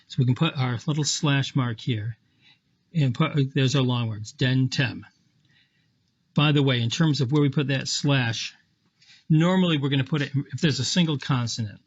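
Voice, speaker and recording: A man's voice: medium pitch, slightly rough, muffled recording. A man teaching Latin in a screen lecture, explaining patiently step by step with small self-corrections. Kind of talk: screen lecture walking through an example.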